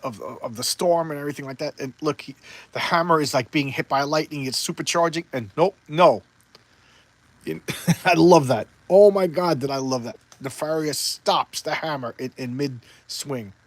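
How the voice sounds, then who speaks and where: Eager comic book guy rambling, kinda high voice, dry close mic. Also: moderate pace, no echo. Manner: enthusiastic, rambling with restarts. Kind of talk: casual chat.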